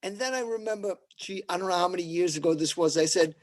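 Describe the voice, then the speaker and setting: A man doing stand-up one-liners at an open mic, with a deadpan delivery and pauses before each punchline. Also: sits high. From New York.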